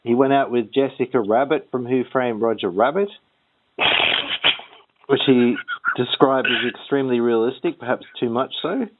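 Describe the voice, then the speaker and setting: A man's voice: medium pitch, normal speed. Rambling man on a tinny line. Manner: rambling, hesitant, full of ums. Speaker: podcast co-host. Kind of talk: casual comedy chat. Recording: tinny phone-like line with faint noise.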